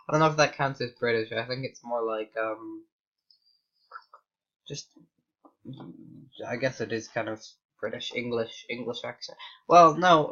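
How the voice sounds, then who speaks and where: Bright-voiced rambling American man. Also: medium pitch, lo-fi sound. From United States. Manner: rambling, chatty tangents. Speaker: gaming YouTuber. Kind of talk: casual gameplay commentary.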